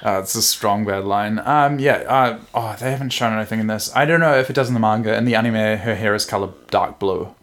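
A man's voice: fairly low pitch, a little fast, hardly any pauses, fairly bright tone. A man co-hosting a casual podcast chat, enthusiastic and digressive, making jokes and laughing often. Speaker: podcast co-host.

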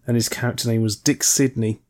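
A man in casual film chat as podcast co-host, joking deadpan with film trivia and swearing. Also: mid-range voice, fairly quick.

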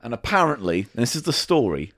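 A man's voice: medium pitch, big pitch swings, quick pace, a bit bright, dry recording, clean studio sound. A man co-hosting a casual comedy podcast, swearing and bantering while spinning playful tall tales. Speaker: podcast co-host.

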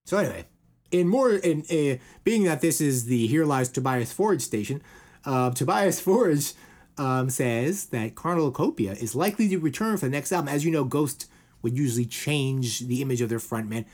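A husky-voiced man hosts a loose, casual podcast. His pitch swings widely as he rambles, full of fillers and little put-on voices. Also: animated, normal speed, a little mellow. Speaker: podcast host.

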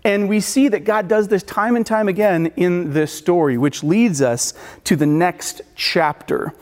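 High-voiced man preaching in a reverberant hall. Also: expressive, a little slow, darkish tone. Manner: casual, rambling with many restarts and filler words. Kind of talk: sermon.

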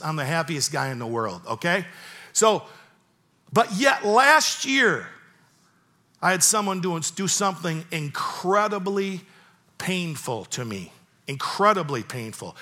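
A man's voice: sits high, bright, forceful tone. A man in his fifties preaching a sermon, telling a personal story with earnest emphasis and repeating key phrases. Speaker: pastor.

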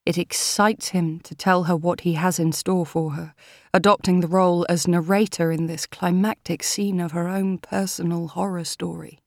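A woman reading an audiobook in a measured, steady manner. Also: lowish voice, creaky, dry recording, clean studio sound. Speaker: audiobook narrator. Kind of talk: audiobook narration.

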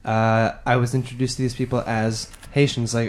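A man's voice: medium pitch, little pitch movement, moderate pace. A man co-hosting a podcast in casual chat, telling a laid-back story and swearing now and then. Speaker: podcast co-host.

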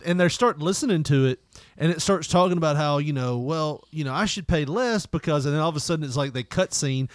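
A man's voice: fairly high pitch, animated, a little fast, a bit bright, no room sound, studio quality. A man hosting a podcast, chatting casually and laughing as he retells comedy sketches in put-on voices. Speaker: podcast host.

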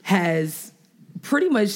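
A woman's voice: medium pitch, sing-song, slow pace. A woman co-hosting a casual podcast about politics, chatty and joking, sometimes reading news aloud. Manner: chatty, laughs easily, reads news aloud. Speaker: podcast co-host.

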